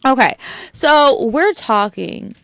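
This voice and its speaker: A woman's voice: high voice, sing-song, slow, gravelly, a bit bright, no echo, studio quality. A young woman co-hosting a podcast, blunt and frank in casual chat, swearing easily as she tells a dating story. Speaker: podcast co-host.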